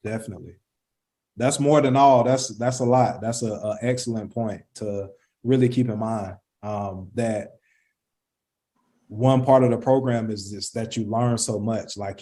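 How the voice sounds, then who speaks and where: A man with a low, mellow voice hosts a panel and speaks in a measured, affirming way. He keeps things moving between coaches. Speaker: program host. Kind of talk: online panel discussion.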